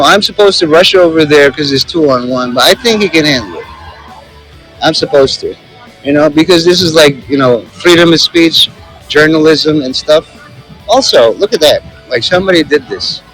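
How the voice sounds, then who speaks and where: A man with a high-leaning, fairly bright voice does casual walking commentary as a street vlogger on a city plaza. He rambles and jokes into a handheld phone with plenty of fillers, and the audio is poor.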